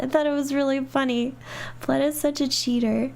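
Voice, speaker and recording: A young adult woman gaming streamer giving chatty let's play commentary, talking softly to herself with excited squeals. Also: sits high, moderate pace, gravelly.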